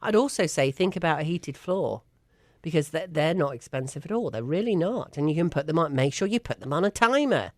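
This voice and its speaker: A woman's voice: low-pitched, lively intonation, brisk, a little mellow, no room sound. A woman with an English accent, co-hosting a casual chat show and talking with emphatic enthusiasm. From England. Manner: chatty and emphatic, with frequent laughs. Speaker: co-host.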